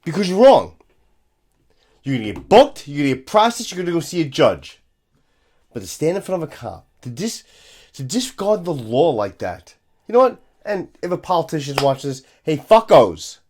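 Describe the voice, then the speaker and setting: New cop guy ranting and swearing, high voice swinging all over the place. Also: wildly swooping pitch, a little fast, a little mellow. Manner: profane, scornful, emphatic. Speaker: police officer commentator. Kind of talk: ranting commentary.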